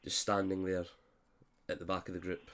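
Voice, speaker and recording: A man who is unwell, narrating a tabletop game as game master with halting, filler-heavy speech on a voice call. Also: sits low, monotone, fairly bright tone. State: unwell, coughing.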